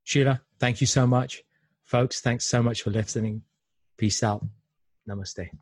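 A man hosting a podcast interview, chatty and upbeat, with a calm spoken sign-off. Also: medium pitch, measured pace, no echo. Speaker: podcast host. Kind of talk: casual interview chat.

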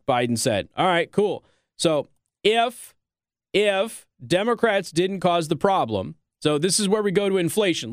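A man's voice: a little high, no echo, clean studio sound. A man hosting a political talk show, delivering opinionated commentary and mocking others in quoted voices.

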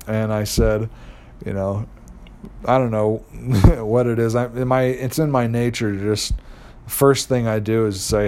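A man's voice: mid-range voice, steady tone, measured pace, a little mellow. A young man casually telling a personal story, rambling with many fillers and restarts.

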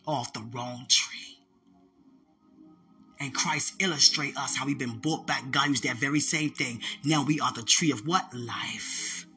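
Preacher for a fervent call-and-response sermon, with a bright, forceful tone that swings from high and loud to low and hushed. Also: unhurried, faint music behind.

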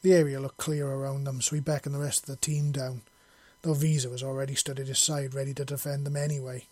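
A man narrating a story in a steady, even storytelling voice. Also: medium pitch, fast talker, no room sound. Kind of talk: audiobook narration.

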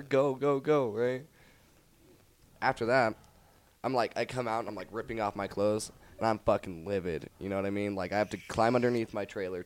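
A young man co-hosting a podcast, telling rowdy party and fight stories in a casual, profane, animated way. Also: on the low side, dry recording. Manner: profane, animated storytelling with acted quotes. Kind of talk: casual storytelling chat.

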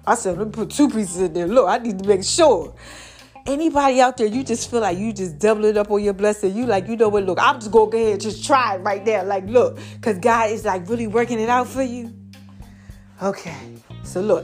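A woman, hosting a casual faith podcast and telling a story straight to her listeners. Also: on the high side. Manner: chatty, animated storytelling, addresses listeners directly. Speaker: podcast host.

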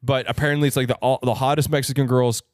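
A man's voice: medium pitch, level tone, fast, no echo, clean studio sound. Rambling young man telling a story. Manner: rambling, filler-heavy storytelling. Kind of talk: casual chat.

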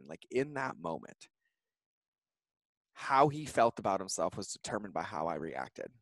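A man in his thirties, a podcast guest, telling an emotional personal story in an earnest, heartfelt way with fast run-on phrasing. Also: fairly low pitch, no echo. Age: 30s.

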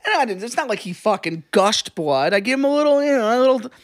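This man co-hosts a casual podcast and tells stories with animated energy and plenty of swearing. His pitch jumps around a lot. The recording is dry, with no room sound. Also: fast, no echo. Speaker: podcast co-host.

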